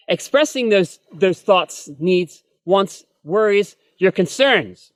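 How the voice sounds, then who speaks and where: A man's voice: high voice, lively intonation, unhurried, fairly bright tone, no echo. A man giving a spoken self-help lesson, earnest and repetitive, checking in with "okay?" and "right?" as he explains. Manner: earnest, repetitive, addresses viewers as folks, frequent "okay?" and "right?". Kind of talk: spoken personal-development lesson.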